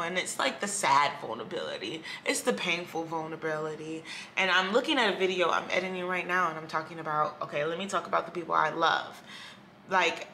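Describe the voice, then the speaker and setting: A woman's voice: fairly low pitch, bright, forceful tone, slight background noise. A woman vlogging candidly at home by a window, talking in a reflective, rambling and hesitant way. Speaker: YouTuber. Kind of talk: candid personal vlog. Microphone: camera.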